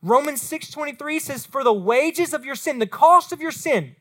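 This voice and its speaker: A woman's voice: high-pitched, moderate pace. A woman, preaching as a youth pastor to middle school students and speaking straight to them. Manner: animated, talks straight to the students.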